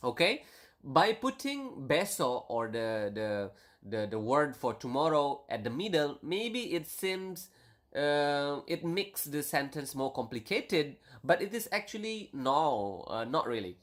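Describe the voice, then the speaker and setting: A man teaching an online language lesson, explaining step by step and slowing down to stretch key words, with many fillers and restarts. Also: medium pitch, animated.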